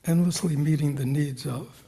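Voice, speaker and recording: A meditation teacher speaks at a moderate pace in a voice on the high side, gravelly, husky, and rough-edged yet dark and mellow in tone. Giving a dharma talk to a live retreat group in a meditation hall, he questions his audience constantly with repeated "right?" and "you know," slipping into soft whispers at times.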